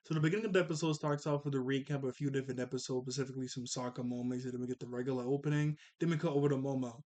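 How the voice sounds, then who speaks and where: A man's voice: mid-range voice, steady tone, racing, a little mellow. A man hosting a casual cartoon episode review, rambling along with chuckles and self-corrections.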